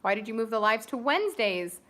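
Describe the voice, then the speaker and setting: A woman's voice: on the high side, very animated, fairly quick, fairly bright tone. A young woman co-hosting a casual livestream, chatting with viewers and giving audition tips. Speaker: co-host of a family livestream. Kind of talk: casual live-stream chat.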